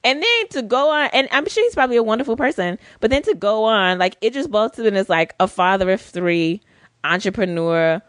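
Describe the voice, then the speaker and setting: A woman co-hosts a podcast, her mid-range voice moving fairly quickly as she chats casually and tells stories with animated expression. The recording is dry and clean, with studio sound.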